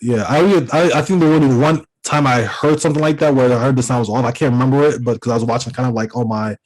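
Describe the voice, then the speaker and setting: A man's voice: medium pitch, steady tone, fast, darkish tone, low-quality recording. A man raised in the Caribbean co-hosting a podcast, chatting casually and rambling with lots of fillers and restarts. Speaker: podcast co-host. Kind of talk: casual chat.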